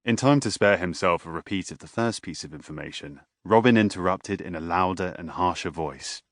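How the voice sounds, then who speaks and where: A man reading a novel aloud as an audiobook narrator, in a measured, even way. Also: sits low, dry recording, clean studio sound.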